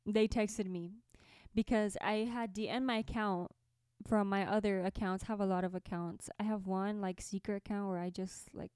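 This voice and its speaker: Chatty young woman, smooth clear voice. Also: medium pitch, fairly even intonation, normal speed, darkish tone, dry recording, studio quality. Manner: chatty, laughing, lots of fillers. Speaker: podcast host and musician. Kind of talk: casual storytelling to camera. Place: small orange bedroom by a window.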